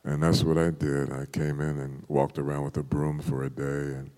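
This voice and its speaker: Brief: older male poet, very low and mellow, animated storyteller, long hall reverb. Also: normal speed. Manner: animated storyteller, acts out quotes with laughter. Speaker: poet, interview guest. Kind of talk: storytelling in an interview.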